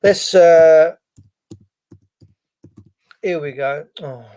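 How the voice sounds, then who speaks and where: A man's voice: on the high side, very slow, dark tone. A man, hosting a livestream and ranting in a blunt, sarcastic way, swearing freely. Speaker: livestream host.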